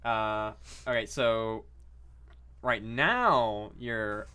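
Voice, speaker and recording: A man's voice: lowish voice, very slow, bright, forceful tone, smooth. A man co-hosting a podcast in casual chat, asking the guests questions and teasing them. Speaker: podcast co-host.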